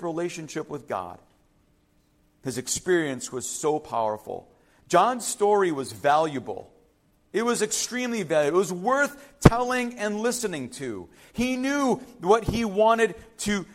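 A man preaching a sermon, emphatic, repeating key phrases and putting questions to the congregation. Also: sits high. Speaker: pastor.

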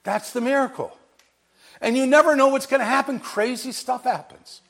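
Here a preacher with an extremely high-pitched voice speaks at normal speed, driving his sermon home through repetition and shifts from quiet to loud, with occasional laughter.

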